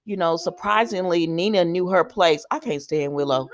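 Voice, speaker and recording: A woman's voice: on the low side, normal speed, hardly any pauses, no room sound, studio quality. A woman giving a casual, opinionated recap of a soap opera episode and talking straight to her viewers.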